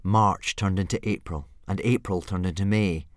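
A man reading a children's storybook aloud in an expressive, playful way. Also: sits low, normal speed, dry recording, clean studio sound. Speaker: audiobook reader. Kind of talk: storybook narration.

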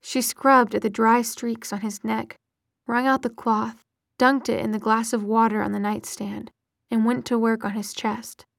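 A woman narrating a romance novel in a soft, breathy whisper. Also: fairly high pitch, little pitch movement, measured pace, dry recording, studio quality.

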